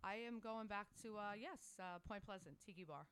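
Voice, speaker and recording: Fast-talking female podcast guest. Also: medium pitch, fairly bright tone, clean tone. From Staten Island, New York. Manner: quick, agreeable replies. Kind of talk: casual chat.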